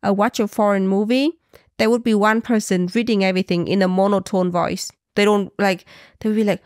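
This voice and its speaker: A Vietnamese woman co-hosting a podcast in casual chat, animated and laughing often, speaking with a Vietnamese accent. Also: mid-range voice, moderate pace, no echo, studio quality. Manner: animated, laughing often, calls partner honey. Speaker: podcast co-host.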